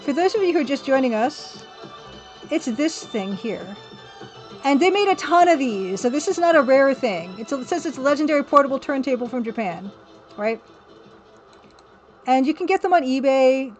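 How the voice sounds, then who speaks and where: Hosting a relaxed live stream, this woman rambles and chats with her viewers, laughing frequently. Her voice sits high and expressive, at a moderate pace with long pauses. A record player softly plays music behind her.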